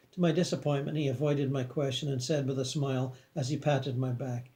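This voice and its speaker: A man calmly reading a first-person afterlife story in a measured way. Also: medium pitch. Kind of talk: scripted first-person narration.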